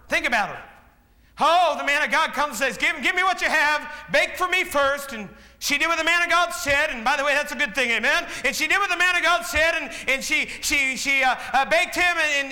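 A man's voice: very high-pitched, bright, forceful tone. A man preaching a sermon, asking the congregation questions and acting out the people in his stories. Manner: preaching with call-and-response questions; acts out quoted voices. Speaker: pastor. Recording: long hall reverb.

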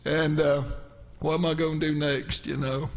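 Brief: preacher, middle-aged, gravelly voice, rambling folksy anecdotes from the pulpit. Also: male voice, a little high, level tone, normal speed. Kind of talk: storytelling sermon.

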